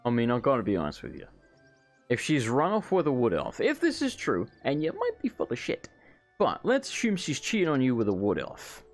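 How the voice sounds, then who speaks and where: An Englishman with an English accent chats loosely over gameplay, joking and swearing as he goes. His voice swings up and down in pitch, and faint game music sits underneath him. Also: huge pitch swings, fairly quick. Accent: English, self-described as unusual. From England. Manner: rambling, joking, sweary banter. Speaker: gameplay commentator. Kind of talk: casual let's play commentary.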